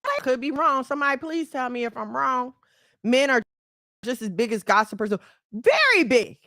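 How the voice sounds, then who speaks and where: A high-pitched woman lectures her audience head-on in a blunt, scolding way. She is middle-aged, animated, and quick to laugh. The voice sits close and dry, with hardly any room sound. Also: no room sound. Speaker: channel host. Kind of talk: preachy commentary to women.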